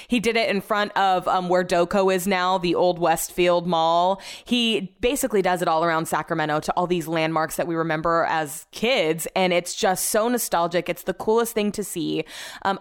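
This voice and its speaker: Chatty woman with a low voice. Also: clear, resonant tone. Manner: chatty and candid, with casual swearing. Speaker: podcast host. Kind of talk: casual solo podcast chat.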